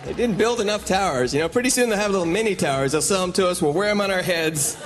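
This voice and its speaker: A man performing a stand-up routine on stage, animated and playful, acting out exaggerated quotes. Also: high voice, fast, loud music behind the voice. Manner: animated, rhyming bits, acts out exaggerated quotes. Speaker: stand-up comedian. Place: club stage before a packed live audience. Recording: live club recording with loud crowd laughter.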